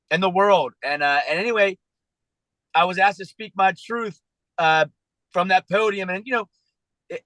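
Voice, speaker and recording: A man with a high, bright and forceful voice talks haltingly on a video call, restarting his sentences often. He sounds earnest and emotional, close to tears. The sound is dry and close. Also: no echo, poor audio. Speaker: citizen journalist being coached. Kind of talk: emotional personal talk on a coaching call.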